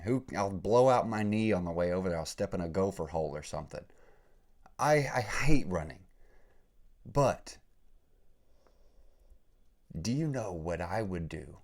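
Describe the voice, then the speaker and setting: Animated man ranting, voice swinging to shouts. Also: fairly low pitch. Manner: casual, swears lightly, says "dude" and "man". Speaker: podcast host. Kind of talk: solo podcast rant.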